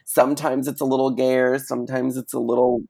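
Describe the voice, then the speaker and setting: A man co-hosting a podcast in casual chat, rambling with lots of fillers and animated asides. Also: mid-range voice, a little fast, creaky. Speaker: podcast co-host.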